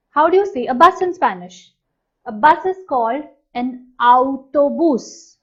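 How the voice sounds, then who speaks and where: A woman teaching a language lesson, saying each new word slowly and clearly and then repeating it. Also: sits high. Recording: dull, slightly lo-fi sound.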